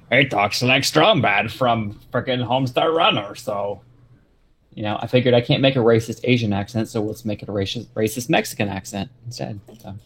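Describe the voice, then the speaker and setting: A man's voice: medium pitch, normal speed, a bit bright, husky. A man who streams games, chatting casually in a group and joking at his own expense. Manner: joking, self-deprecating.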